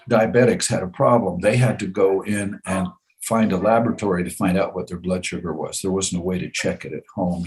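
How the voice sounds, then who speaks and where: An older man in his seventies with a very low voice recounts a story from his own life in relaxed conversation. He repeats phrases for effect and chuckles often as he talks. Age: 70s. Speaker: guest storyteller.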